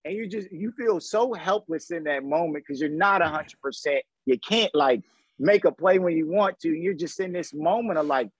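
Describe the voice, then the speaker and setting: A man in his thirties, a former pro football player, telling stories in a casual interview, slangy and animated, acting out what people said. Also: on the high side, moderate pace, husky, no echo, rough recording. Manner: animated, slangy storyteller acting out quoted dialogue.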